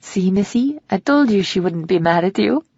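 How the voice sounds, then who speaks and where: A woman's voice: medium pitch, animated, moderate pace, vocal fry, darkish tone, husky, no room sound, highs cut off. A woman voicing a cheerful, motherly French housekeeper with a heavy French accent. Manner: enthusiastic, motherly.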